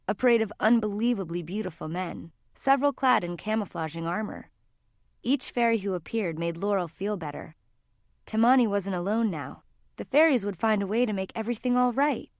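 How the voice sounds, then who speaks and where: Audiobook narrator, woman, even storytelling delivery, close and dry. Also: medium pitch, no echo. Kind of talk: scripted narration.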